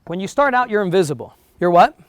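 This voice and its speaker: His voice sits high and races along with big pitch swings, and there's no room sound at all. He's a real estate broker from New Jersey, by his accent, giving realtors a chatty motivational talk live and regularly checking in with them.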